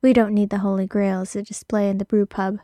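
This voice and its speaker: A woman voicing Elliot, a gruff, grumbling man, in a read-aloud story. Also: medium pitch, little pitch movement, quick pace, mellow, no echo, studio quality, close to an everyday voice.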